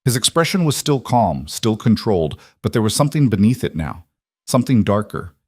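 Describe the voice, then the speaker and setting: A man with a low voice reads a romance story aloud in a measured, dramatic way. The sound is dry and close. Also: very animated, breathy edge, no echo. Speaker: narrator. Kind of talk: scripted story narration.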